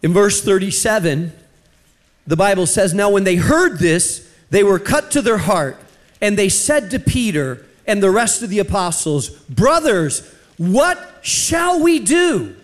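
High-pitched guy preaching, tells a story then slows way down to make his point. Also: expressive. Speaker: pastor. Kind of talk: sermon.

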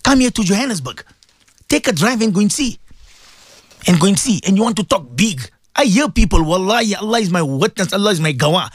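A man's voice: high-pitched, expressive, fairly quick, dry recording, clean studio sound. A man with a South African accent giving an impassioned radio sermon, pleading with listeners and repeating phrases for emphasis. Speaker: radio presenter and Islamic preacher.

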